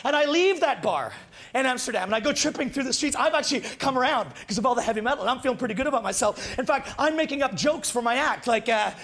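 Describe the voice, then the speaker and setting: A man performing a stand-up routine on stage, telling stories loudly and bursting into shouts. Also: extremely high pitch, fast talker, few pauses. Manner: loud, animated storytelling with shouted bursts. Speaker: stand-up comedian. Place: comedy stage before a live audience.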